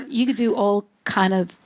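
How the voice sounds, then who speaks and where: A woman's voice: fairly high pitch, expressive, slow pace, a bit bright. A woman poet at a live reading event answering audience questions in a loose, playful way. She laughs often and repeats words while she thinks.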